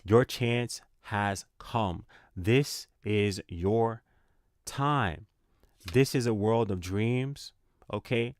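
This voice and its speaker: A man's voice: fairly low pitch, drawn-out words, dry recording, clean studio sound. A man giving a spiritual tarot reading in a casual, slangy, encouraging way, repeating himself for emphasis. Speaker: tarot reader.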